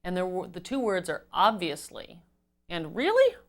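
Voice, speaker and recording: A woman with a fairly low-pitched voice works as a trainer, giving an instructional talk on customer service. She is measured and explanatory, stressing key words.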